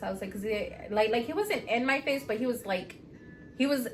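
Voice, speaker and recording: A woman in her thirties, a podcast co-host, telling a profane, animated story in casual chat. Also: a little high, normal speed, slight background noise.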